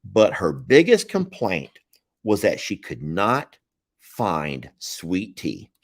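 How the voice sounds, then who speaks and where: A man's voice: deep voice, wildly swooping pitch, takes it slowly, dry recording, studio quality. A man with a Southern American accent, hosting a live stream in a rambling, folksy way and chuckling often. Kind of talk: casual live-stream chat.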